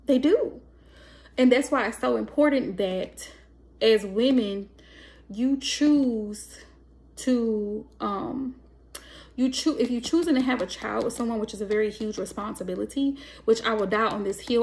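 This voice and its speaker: A woman's voice: a little high, unhurried, a little mellow. A woman giving a casual spoken tarot reading, talking emphatically and acting out bits of dialogue. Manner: emphatic, acts out quoted dialogue. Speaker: tarot reader.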